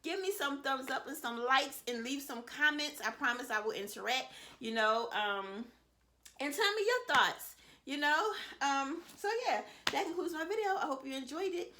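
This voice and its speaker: Bright-voiced chatty mom vlogger. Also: female voice, sits high, expressive, moderate pace, a little hiss or hum. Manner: chatty, reassuring, repeats "you know" and "I promise". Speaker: vlogger, mother of seven. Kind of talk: casual advice vlog to camera.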